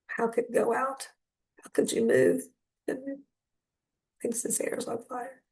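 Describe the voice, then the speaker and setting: A woman's voice: fairly high pitch, a little slow, vocal fry, long pauses, darkish tone. An older woman comedian telling a rambling, wry story full of asides. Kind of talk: stand-up storytelling.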